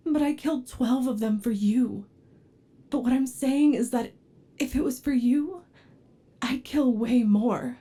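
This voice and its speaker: Woman playing a yandere android, soft-voiced. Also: sits high. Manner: soft and pleading, flaring into anger. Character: obsessive devoted yandere android, adult, unstable temper. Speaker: ASMR role-play performer. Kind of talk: whispered role-play.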